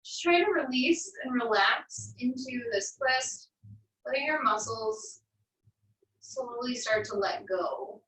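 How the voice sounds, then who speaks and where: A woman leads a floor stretch in an encouraging, easygoing way, dropping wry asides between cues. Her voice sits high and sounds bright. The recording is echoey and heard from a distance off-mic. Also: expressive, slow pace. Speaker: fitness instructor. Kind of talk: guided barre cool-down instruction.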